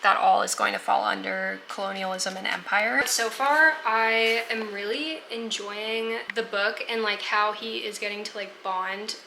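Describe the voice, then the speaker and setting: A woman's voice: mid-range voice, fairly even intonation, measured pace, vocal fry, few pauses, reverberant, noisy background. A woman chatting casually in a reading vlog, gushing about a book she is reading and filling her talk with likes and ums. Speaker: book vlogger. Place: apartment at home.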